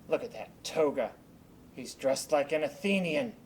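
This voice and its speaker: A man's voice: a little high, animated, normal speed, slight background noise. A man playing a mischievous male fairy servant who teases and casts spells in an amateur Shakespeare reading. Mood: sly. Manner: teasing, then chanting spells.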